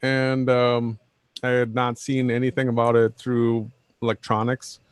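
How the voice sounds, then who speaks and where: A man's voice: medium pitch, monotone, a little slow, clear, resonant tone, no echo. A man on a livestream talks bluntly and combatively, often circling back to the same point. His voice sits mid-range and sounds close and dry, with no room around it. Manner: combative, blunt, repeats himself. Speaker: co-host. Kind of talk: casual livestream talk.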